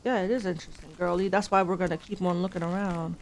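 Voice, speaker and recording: A woman's voice: lowish voice, steady tone, quick pace, low-quality recording. A young woman streaming a video game, chatting nervously and talking to her character as she plays. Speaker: gaming streamer. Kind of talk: let's-play commentary. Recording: game sound and engine noise behind. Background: vehicle engine noise from the game.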